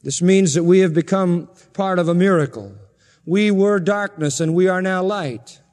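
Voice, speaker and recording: Emphatic high-voiced male preacher, long reverb. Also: moderate pace, a little mellow. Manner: emphatic, insistent preaching with repeated phrases. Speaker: pastor. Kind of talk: sermon.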